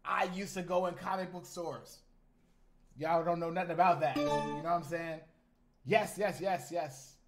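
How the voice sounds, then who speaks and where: A man in his thirties chatting casually on a live stream, animated and slangy, talking straight to his chat. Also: a little high, moderate pace, music in the background.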